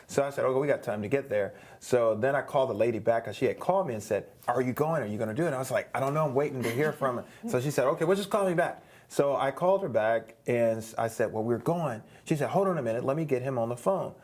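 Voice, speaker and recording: A man's voice: mid-range voice, quick pace, hardly any pauses, darkish tone. A middle-aged man, a guest on an interview show, animatedly telling a story, acting out quoted voices, with frequent restarts.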